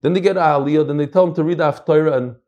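An American man teaching a Talmud class, emphatic and animated, mixing in Hebrew and Yiddish terms. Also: a little high, fast talker, muffled recording, a little hiss or hum. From United States. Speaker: Torah teacher.

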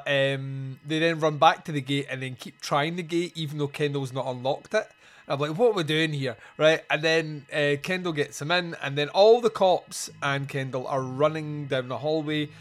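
Podcast host, man, upbeat higher voice, chatty scene recaps, light laughter, faint music underneath. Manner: recounts scenes, laughing, quoting characters. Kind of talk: casual movie review chat.

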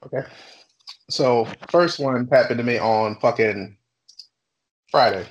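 A young adult man casually telling a workplace story on a podcast, swearing freely and talking with animated energy. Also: medium pitch, takes it slowly, low-quality recording. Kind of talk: casual chat.

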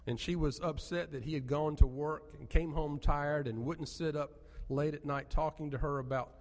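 A male pastor delivers an earnest sermon, pushing his phrases up to emphatic peaks. His voice is dark and mellow, and it rings out with the long reverb of a church sanctuary. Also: fairly high pitch, steady tone, moderate pace.

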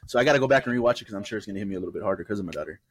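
A young adult man co-hosts a casual podcast chat, his voice on the low side and racing. He tells stories with energy, acting out what people said.

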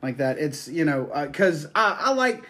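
Male podcast host, slightly high voice, loose profane storyteller. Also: big pitch swings, moderate pace, pushed and bright. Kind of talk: casual chat.

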